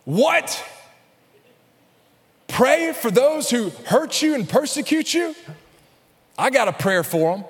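A male pastor delivering a sermon in a big church hall, his voice ringing out with a long reverb tail. He speaks in a fairly high register and keeps calling out to the congregation. His delivery builds into loud, emphatic peaks. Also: big pitch swings, measured pace, pauses often. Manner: preaching with rising intensity, calling out to the congregation.

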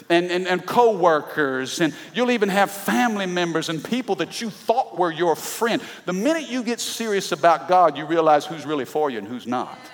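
A middle-aged pastor preaching an animated sermon, breaking into shouts and laughs. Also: male voice, high voice, creaky. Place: church sanctuary. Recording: long reverb of a large hall.

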